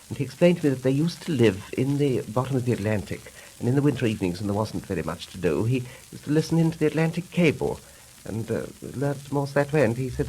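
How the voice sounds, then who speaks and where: A man from Britain telling a deadpan 1930s stage comedy monologue in a dry manner. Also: medium pitch, fast talker, slight background noise, rough recording. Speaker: comic monologist.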